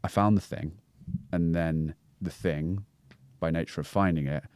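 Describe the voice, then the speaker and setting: A man's voice: low voice, fairly even intonation, a little slow, a little mellow, clean tone, no room sound. A man speaking as a guest on a podcast, talking about breathwork in a reflective way and searching for his words as he goes.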